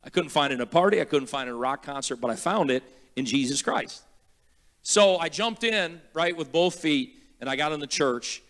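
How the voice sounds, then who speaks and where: Emphatic male preacher, higher voice. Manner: emphatic, builds to shouting praise; repeats words slowly for teaching. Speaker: guest pastor. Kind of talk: sermon.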